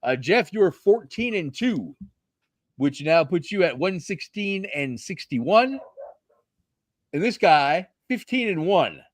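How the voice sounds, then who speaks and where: A man hosting a sports talk show, talking casually with friends. His pitch swings widely and he curses often. The sound is close and dry, with almost no room in it. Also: takes it slowly, dry recording. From Seattle area. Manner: animated, swears freely, loose banter. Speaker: podcast host.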